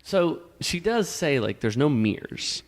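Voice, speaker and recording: A man's voice: a little high, sing-song, measured pace. Chatty male podcast co-host. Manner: chatty, playful, trails off mid-thought. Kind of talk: casual chat.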